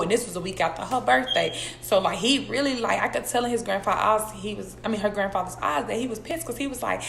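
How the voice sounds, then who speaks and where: A young woman, telling a personal story in a casual vlog, blunt, profane and animated as she talks straight to her viewers. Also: mid-range voice, a little fast, vocal fry, few pauses. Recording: echoey room with faint background noise.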